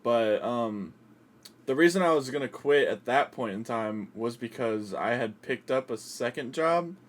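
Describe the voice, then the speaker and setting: A young man co-hosting a podcast in casual chat, relaxed and quick to laugh. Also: mid-range voice. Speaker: podcast co-host.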